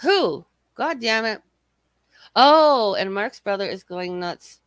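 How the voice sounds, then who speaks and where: A woman's voice: medium pitch, animated, takes it slowly, smooth, dry recording. A woman hosting a casual livestream, reading out chat and swearing freely as she mocks her rivals, her throat a little scratchy. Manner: profane, mocking, rambling. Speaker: livestream host.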